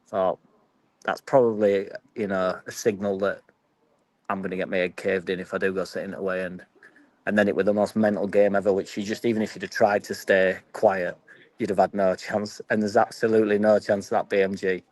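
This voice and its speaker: A man's voice: low-pitched, little pitch movement, a little fast, darkish tone, dry recording, poor audio. A young man with a Yorkshire accent chatting casually and swearing freely as he reads and answers his live stream chat. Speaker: football fan vlogger.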